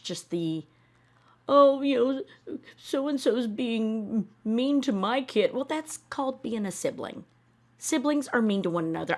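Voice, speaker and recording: Sarcastic lady ranting about tv, swears a lot, kinda low voice. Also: a bit bright. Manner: blunt, sarcastic, swears freely. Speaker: reaction video host. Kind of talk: casual commentary rant.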